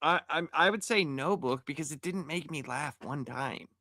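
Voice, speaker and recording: A man on a panel, talking in a sarcastic, deadpan way in casual chat. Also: on the high side, normal speed, dry recording, studio quality.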